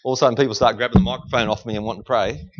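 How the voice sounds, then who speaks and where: A man preaching an energetic sermon in a church service, calling out to the congregation for responses. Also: medium pitch, racing, dull audio. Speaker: guest preacher.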